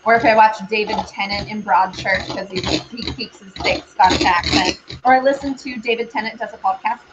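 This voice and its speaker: A woman's voice: mid-range voice, steady tone, a little fast, heavy background noise. A woman hosting a casual baking stream from a home kitchen, chatting with viewers as she mixes. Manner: chatty, rambling, talks to viewers and pets. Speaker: baking show host. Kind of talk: casual livestream chat while baking.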